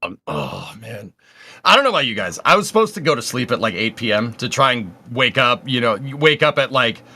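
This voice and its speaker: A man's voice: medium pitch, big pitch swings, a little fast, sharp tone. A man hosting a casual livestream, upbeat and chatty, reading viewer messages aloud. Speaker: livestream host.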